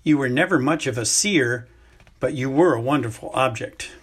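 A man reading aloud as an eccentric older woman seer, hesitant and halting, with a husky voice. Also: medium pitch, lightly acted. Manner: hesitant, halting with ums and uhs. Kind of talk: amateur audiobook reading.

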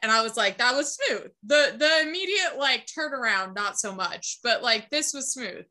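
A woman's voice: fairly high pitch, lively intonation, normal speed, pushed and bright. A young woman co-hosting a podcast, retelling a TV episode in casual chat, acting out the characters' lines, swearing and laughing as she goes. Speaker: podcast co-host.

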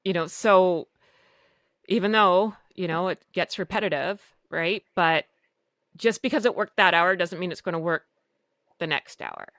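A woman's voice: fairly low pitch, a little slow, a bit bright, dry recording. A woman podcast host chatting casually and bluntly, swearing freely and laughing often.

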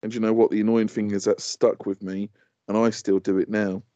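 A man's voice: fairly low pitch, flat delivery, a little fast, mellow, no echo. A man co-hosting a podcast in casual chat, grumbling good-naturedly about things that irritate him. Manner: chatty, grumbling about pet peeves. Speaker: podcast co-host. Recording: dull lo-fi podcast audio.

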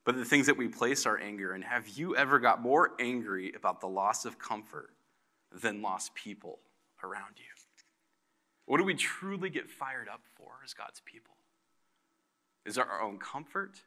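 A man's voice: mid-range voice, moderate pace, sharp tone. A man preaching a sermon in a conversational way, his volume rising and dropping for emphasis. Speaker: pastor.

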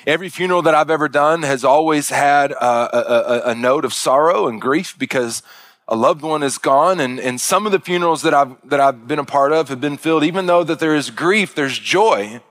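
Animated pastor telling a story. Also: male voice, a little high, dry recording. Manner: animated, halting storyteller with many restarts. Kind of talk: storytelling sermon.

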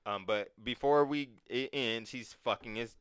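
A man in casual chat, talking in an animated, profane way and acting out quotes. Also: mid-range voice, a little slow, smooth, no room sound, studio quality.

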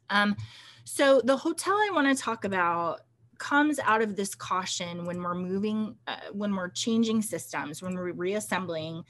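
A woman's voice: lowish voice, fairly bright tone, a little hiss or hum. A woman hosting a podcast, chatting casually and retelling scenes with quoted voices. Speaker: podcast host. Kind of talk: casual conversational chat.

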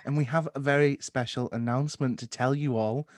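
A man's voice: medium pitch, fairly even intonation, fairly quick, dry recording. Chatty Scottish man, dry close sound. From Scotland. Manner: chatty, laughs often, swears casually. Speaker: podcast host. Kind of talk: casual podcast chat.

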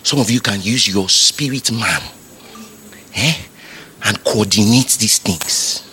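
A man with a Nigerian accent preaching a sermon, building repeated lines up to shouts. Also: fairly low pitch, slow pace, slight background noise. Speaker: pastor.

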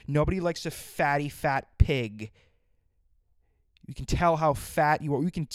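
A man's voice: medium pitch, clean tone, no echo, studio quality, natural voice. A man doing a harsh, cold doctor. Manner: insulting, curt, unemotional.

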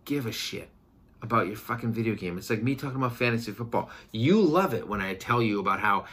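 A man's voice: medium pitch, lively intonation, quick pace, fairly bright tone, breathy edge. A man in his thirties co-hosting a podcast, chatting casually with profane, joking rants about his kids. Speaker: podcast co-host. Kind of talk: casual chat.

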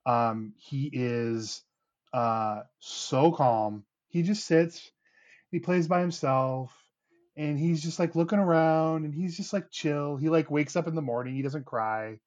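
A man's voice: on the high side, slow pace, a little mellow, lo-fi sound. A man in his thirties, a podcast host, chatting casually with lots of fillers and restarts. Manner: rambling, many restarts and fillers. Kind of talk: casual chat.

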